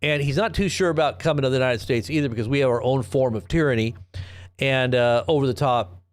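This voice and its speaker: A man's voice: medium pitch, fast talker. A man hosting a live commentary stream, talking in a rambling, sarcastic way with frequent restarts and rhetorical questions. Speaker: host of a live news commentary channel.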